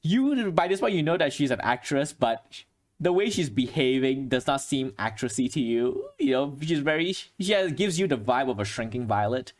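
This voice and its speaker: A man narrating as game master, rambling with lots of fillers and soft chuckles. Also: mid-range voice, animated, moderate pace.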